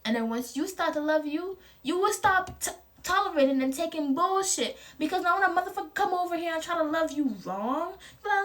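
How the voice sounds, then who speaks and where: A woman's voice: high voice, fairly quick, a bit bright. A young woman, talking casually at home to camera about confidence, loose and playful with lots of slang. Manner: loose, profane and playful, laughs often. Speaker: vlogger promoting her clothing brand. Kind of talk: casual motivational talk to camera.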